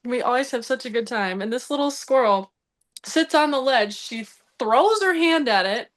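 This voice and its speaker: A woman's voice: high voice, normal speed. A woman on a podcast telling a story in a casual way, laughing often and acting out the dialogue. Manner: lively, laughing, acts out dialogue. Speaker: podcast team member.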